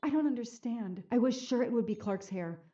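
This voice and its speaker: A woman voicing a calm female detective who speaks in a level, matter-of-fact way. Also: a little high, a little fast, slight background noise, natural voice. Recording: distant, dull game audio.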